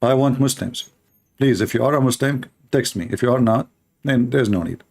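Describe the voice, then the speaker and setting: A man's voice: mid-range voice, normal speed, vocal fry, darkish tone. Sarcastic, emphatic male commentator. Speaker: channel host. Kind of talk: polemical commentary over clips.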